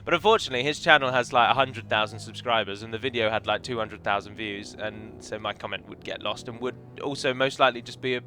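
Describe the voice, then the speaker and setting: A man chatting his way through a strategy game with a bright, forceful voice, wandering into opinionated tangents. His tone sits mid-range, and faint game music plays underneath. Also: medium pitch, fast talker, few pauses. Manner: chatty, rambling, opinionated asides. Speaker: game modder and let's player. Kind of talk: casual gameplay commentary.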